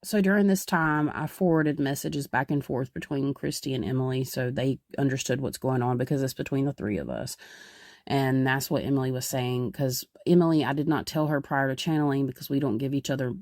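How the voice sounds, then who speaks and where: A woman's voice: extremely low pitch, a little fast, darkish tone, no room sound. A young woman hosting a podcast as a psychic medium, explaining in a rambling, casual way with many fillers.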